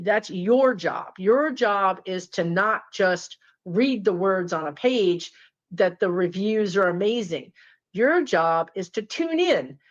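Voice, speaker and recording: A woman's voice: mid-range voice, lo-fi sound. A woman spiritual teacher telling a story casually to her viewers, talking to them directly. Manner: chatty, talks to viewers directly.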